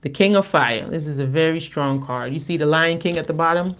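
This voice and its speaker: A woman from the Caribbean co-hosting a livestream, chatting casually and reading cards in an animated, playful way. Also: sits low, brisk. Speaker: co-host and card reader.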